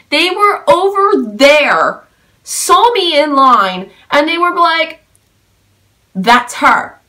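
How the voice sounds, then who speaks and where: A woman's voice: a little high, pushed and bright. A young woman vlogging a story time, gushing and breathless, with lots of "like" fillers. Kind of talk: excited story-time vlog.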